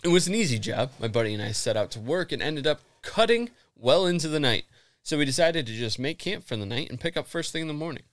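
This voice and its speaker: A man's voice: mid-range voice, a bit bright, no echo. A man co-hosting a casual podcast, reading a story aloud with laughs, swearing and restarts. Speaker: podcast co-host.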